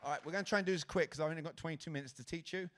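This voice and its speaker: A man from Britain giving a lively stage talk at a conference, engaging the audience with questions. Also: fairly high pitch, racing, a little hiss or hum. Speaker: conference speaker. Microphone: handheld stage mic.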